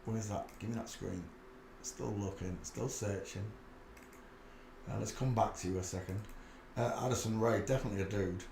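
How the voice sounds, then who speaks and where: A man's voice: on the low side, normal speed, creaky, a little mellow, reverberant, a little hiss or hum. A man with a Yorkshire accent giving a muttered running commentary as he browses images for his channel. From England. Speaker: channel host.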